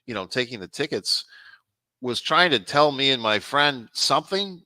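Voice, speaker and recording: A man co-hosts a casual podcast chat, telling self-mocking stories about himself and laughing often. His mid-range voice is expressive, bright and forceful at a moderate pace. The recording is dry and the audio quality poor.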